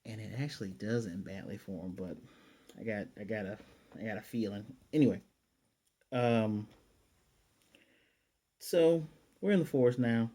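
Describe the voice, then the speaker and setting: A man's voice: fairly low pitch, moderate pace, pauses often, warm tone. A man casually recapping an anime episode, retelling scenes in paraphrased dialogue with chatty, self-correcting asides. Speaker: anime reviewer.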